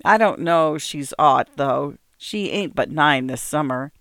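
A woman reading aloud and voicing a careworn farm wife who speaks old rural dialect in a quick, fretful way. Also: low voice, lively intonation, fairly bright tone, no room sound, clean studio sound, heavily acted.

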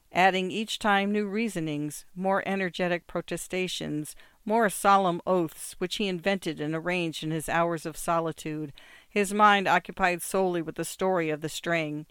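Steady short-story narrator, smooth clear voice, dry close recording. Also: medium pitch, normal speed, no room sound. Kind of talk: scripted narration of short stories.

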